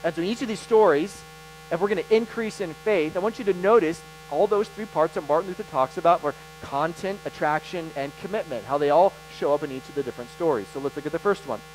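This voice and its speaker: A man preaching a sermon as pastor, animated and emphatic, with dramatic pauses. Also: fairly high pitch, a little hiss or hum, low-quality recording.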